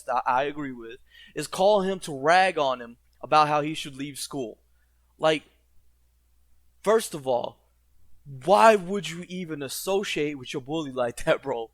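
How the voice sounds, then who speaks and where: A man rants through a reaction commentary in a blunt, profane way. His voice sits a little on the high side. The recording is dry and close, with no room sound. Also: dry recording. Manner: mocks characters in put-on quotes.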